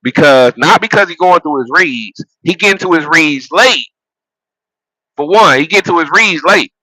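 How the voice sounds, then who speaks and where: A man on a loose, profane football rant, full of laughs and restarts. His voice is bright and forceful, and it sits dry and close with no room sound. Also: fairly high pitch, moderate pace, no echo, rough recording. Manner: animated, profane, laughs at his own jokes; repeats phrases and restarts while building a point. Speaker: sports vlogger and football fan. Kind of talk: casual sports rant.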